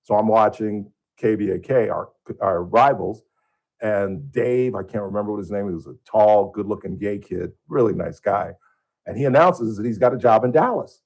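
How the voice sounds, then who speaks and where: A radio host with a husky, slightly breathy voice tells a story from his career in a loose, conversational way. He acts out his own past outbursts, and his pitch jumps high when he does. He sounds like he is speaking in a studio. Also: moderate pace, darkish tone. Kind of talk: casual storytelling monologue.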